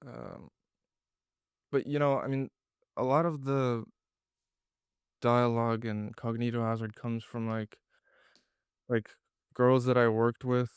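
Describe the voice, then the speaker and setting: A man's voice: mid-range voice, smooth, dry recording, studio quality. A man from Ireland with an Irish accent, a playwright being interviewed, blunt and self-deprecating with frequent swearing. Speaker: playwright guest. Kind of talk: casual interview.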